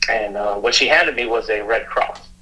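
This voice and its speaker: Earnest man with a bright voice. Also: on the low side, low-quality recording. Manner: halting, many restarts, earnest. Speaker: police officer and youth mentor, guest. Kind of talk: emotional personal storytelling.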